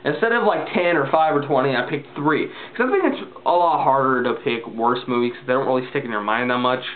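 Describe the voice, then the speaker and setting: A man's voice: medium pitch, a little fast. Rambling man ranting over tinny audio. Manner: rambling, exasperated, full of "like" fillers. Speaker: vlogger. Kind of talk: casual ranting movie review. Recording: tinny phone-like lo-fi sound.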